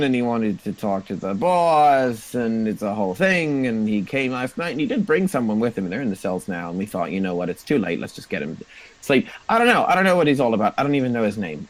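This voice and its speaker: A man's voice: medium pitch, big pitch swings, a little fast, pitched above the performer's own voice, lightly acted, poor audio. A man doing a babbling goblin lackey. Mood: flustered. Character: nervous rambling male goblin underling.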